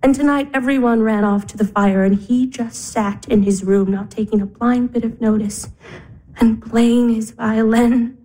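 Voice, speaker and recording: A woman's voice: on the high side, fairly even intonation, normal speed, mellow, close to an everyday voice, poor audio. An actress in her twenties playing a weary, tearful young woman in despair, sighing and weeping. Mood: bitter. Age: 20s. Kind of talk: stage drama acting.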